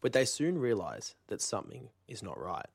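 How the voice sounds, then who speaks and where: A male narrator reads scripted links between scenes in a measured, dramatic way. His voice sits in a middle pitch. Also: sing-song, gravelly.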